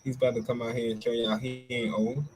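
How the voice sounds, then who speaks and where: A man's voice: medium pitch, flat delivery, quick pace, rough recording. A man with a mid-range voice chimes into a sports chat, easygoing and slangy. A faint background hum runs under him. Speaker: podcast co-host.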